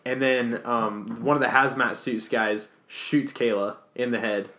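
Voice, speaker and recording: A man's voice: mid-range voice, steady tone, measured pace, bright, forceful tone. A young man casually telling a long story on a podcast, rambling and swearing, with lots of fillers and restarts. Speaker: podcast guest.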